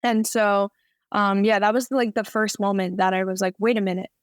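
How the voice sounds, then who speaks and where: A woman's voice: medium pitch, fairly even intonation, moderate pace, clear, resonant tone, dry recording, clean studio sound. Chatty woman guest telling her story. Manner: chatty storytelling with many "like" fillers. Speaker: podcast guest. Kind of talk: casual interview chat.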